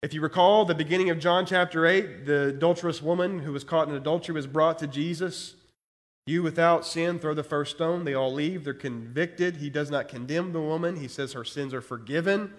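A man's voice: on the high side, fairly quick. A male pastor preaching, reading Bible verses aloud and commenting on them with growing intensity. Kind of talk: expository sermon reading scripture.

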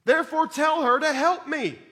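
Frazzled overworked woman pleading, high sharp voice, put on by a man preaching. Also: normal speed, in a large hall. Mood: exasperated. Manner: pleading, exasperated. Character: fretful overworked woman complaining to her teacher.

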